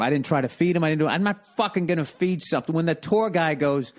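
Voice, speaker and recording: A comedian in his forties, from the United States, tells a rambling story on his podcast. His voice sits a little high for a man. He swears constantly and sounds exasperated, like a casual comedic rant. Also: fast. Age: 40s.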